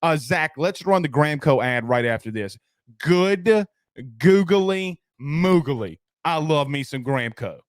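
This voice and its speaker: A man's voice: medium pitch, moderate pace, few pauses, fairly bright tone, no room sound, studio quality. A man hosting a casual live sports talk stream, loose and slangy, reading out viewer comments and an ad. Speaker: sports talk show host.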